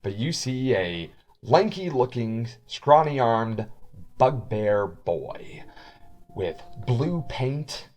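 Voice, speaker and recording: A man runs a tabletop game as game master, narrating in a loose, rambling way that is full of restarts. His voice sits at a middle pitch. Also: very animated, extremely slow, darkish tone. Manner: rambling, many restarts and fillers.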